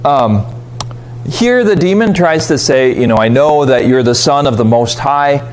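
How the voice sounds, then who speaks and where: A man leading a casual Bible study, talking conversationally, putting on quick voices for reactions and asking his listeners rhetorical questions. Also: slight background noise. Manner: conversational, animated, voices quoted reactions with pitch jumps; asks the audience rhetorical questions.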